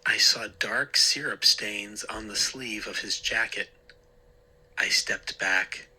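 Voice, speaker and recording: Guy reading a spooky story, slow and husky. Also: on the low side, sharp tone, poor audio. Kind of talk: scripted scary-story narration.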